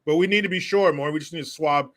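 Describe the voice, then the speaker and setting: Talking very fast in a bright, forward voice pitched a little above average, a man hosts a casual commentary vlog. His tone is sarcastic and mocking, he swears freely, and he often bursts into laughter.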